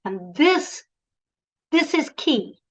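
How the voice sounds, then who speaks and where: A woman's voice: high voice, sing-song, drawn-out words, lo-fi sound. A woman coaching presenters in an online workshop, encouraging and directive, speaking over a video call.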